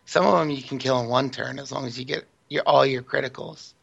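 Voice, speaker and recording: Male panelist, heavy vocal fry, dry wit. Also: medium pitch, steady tone, a little fast, fairly bright tone, muffled recording. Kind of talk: casual group chat.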